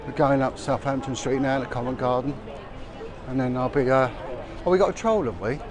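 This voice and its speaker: Speaking a little fast in a mid-range voice, a middle-aged vlogger rambles through busy streets during a walking livestream. Crowd noise, passers-by, and street sounds surround his chatty commentary, which is full of fillers and restarts.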